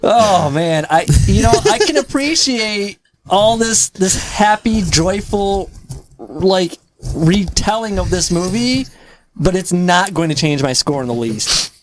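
A woman co-hosting a casual movie podcast, talking with animated skepticism and frequent laughter. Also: mid-range voice, takes it slowly. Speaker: podcast co-host.

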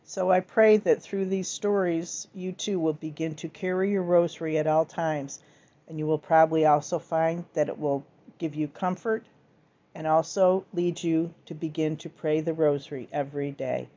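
Woman reading devotional text, low and gentle, slightly dull recording. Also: steady tone, moderate pace. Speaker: devotional reader.

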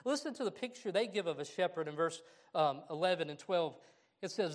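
A middle-aged man preaching a sermon in a church, animated and acting out the voices he quotes. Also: sits high, brisk. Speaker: pastor.

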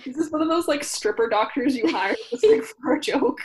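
A woman's voice: high-pitched, sing-song, fairly quick, slight background noise, low-quality recording. A young woman reading a story aloud as a comedy co-host, giggling and mocking it with exaggerated reactions. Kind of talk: comedic dramatic reading with commentary.

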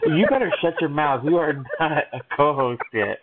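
A man's voice: a little high, normal speed, very noisy. Joking podcast host man, tinny sound. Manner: joking, teasing, rambling. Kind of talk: casual podcast banter.

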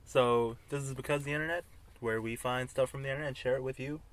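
A man's voice: medium pitch, fairly even intonation, fairly bright tone. Easygoing man hosting a car chat. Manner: easygoing, quick laugher, enthusiastic about cars. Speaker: podcast host. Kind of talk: casual chat. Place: inside a car.

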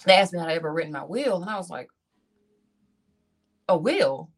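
A woman in her thirties, speaking, tells a personal testimony in animated style and acts out her own reactions as she talks to the audience. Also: fairly low pitch, rapid-fire. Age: 30s. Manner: talks straight to the audience, calls them "y'all".

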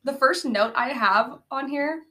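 A woman co-hosting a casual podcast, retelling a bad movie with frequent laughter and animated acted-out quotes. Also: measured pace. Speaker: podcast co-host. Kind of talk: casual movie-roast chat. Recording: low-quality amateur audio.

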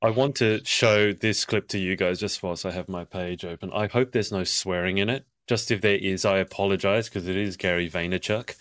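A man hosting a pageant podcast in easy conversation. His voice sits fairly low and the sound is dry and close, with no room around it. He keeps things playful and chatty, slipping into jokey asides. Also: fairly even intonation, moderate pace, hardly any pauses, fairly bright tone, no echo. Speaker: podcast host and pageant coach. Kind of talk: casual chat.

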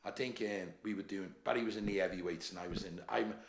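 A man's voice: sits low, quick pace, gravelly. A man with a Liverpool accent, a bodybuilder and gym owner on a podcast, telling stories in a casual chat full of swearing and "mate" and "lad". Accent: Liverpool (Scouse). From Liverpool, England. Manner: animated anecdotes, heavy swearing, lots of "mate" and "lad". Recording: roomy echo.

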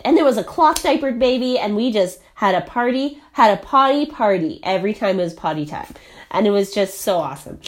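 Chatty young woman, lively high voice. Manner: chatty, filler-heavy, asks "right?" often. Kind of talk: casual personal monologue.

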